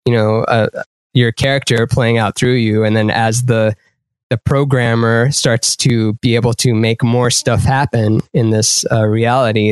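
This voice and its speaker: A man's voice: mid-range voice, smooth, no room sound. A young man, a guest artist and podcaster, musing his way through a casual interview with lots of "like". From partly raised in Canada.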